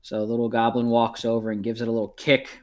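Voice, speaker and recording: A man's voice: medium pitch, completely flat delivery, fast talker. A man narrating as game master in a casual way, with many ums and uhs.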